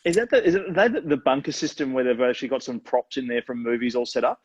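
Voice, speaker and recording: An Australian man hosts a casual podcast interview in a friendly, teasing way, with a voice of middling pitch. His voice comes through dull, muffled video-call audio. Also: quick pace, breathy edge. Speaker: podcast host.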